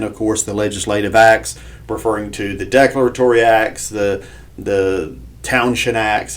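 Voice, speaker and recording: Low-voiced man explaining history. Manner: steady explainer who reads documents aloud with asides. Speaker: podcast co-host. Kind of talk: casual history discussion, reading quotes aloud.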